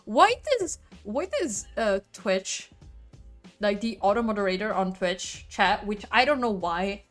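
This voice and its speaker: A woman's voice: medium pitch, a bit bright. A woman with an Italian accent, a native Italian speaker, chatting casually with her stream viewers, laughing often and swearing freely. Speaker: livestreamer.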